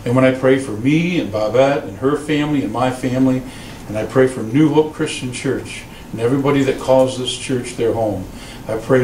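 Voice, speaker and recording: A man preaching as a pastor, telling stories and acting out quoted voices with lively delivery. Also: roomy sound, recorded from a distance, slight background noise, low-quality recording. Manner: animated storytelling, voices quotes in a raised pitch. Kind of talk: sermon. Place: church sanctuary.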